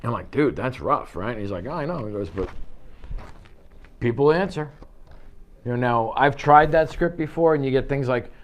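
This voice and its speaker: A man coaching real estate agents through cold-call scripts in an office. He talks lively and animated, slipping into quoted voices for each side of a phone call. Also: medium pitch, moderate pace, pauses often, slight background noise. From United States. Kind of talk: office training talk.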